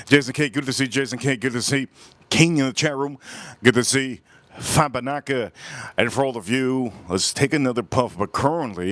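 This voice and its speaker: A man in the middle of his pitch range hosts a live cigar review outdoors, his voice still groggy from just waking up. He talks in a relaxed, loose way, repeats phrases and greets viewers in the chat. The sound is dry and close. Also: dry recording. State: groggy morning voice, just woke up. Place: outdoors, windy.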